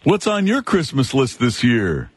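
A man playing a jolly old Santa Claus on a live radio call-in, joking with children in a slow, drawn-out way. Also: medium pitch, huge pitch swings, a little hiss or hum.

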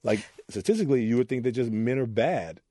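A man's voice: medium pitch, lively intonation, fairly quick, dark tone, husky, no room sound, studio quality. A man from Oakland, a youth mentor, telling personal stories in an interview in an earnest way and acting out the voices of people he quotes. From Oakland, California. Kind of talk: candid interview storytelling.

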